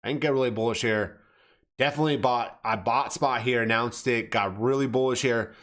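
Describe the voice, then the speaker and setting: A man's voice: mid-range voice, fairly even intonation, brisk, fairly bright tone. A man giving blunt, casual commentary on crypto charts, swearing, calling viewers "fam" and often correcting himself mid-sentence. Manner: self-correcting, restarts phrases.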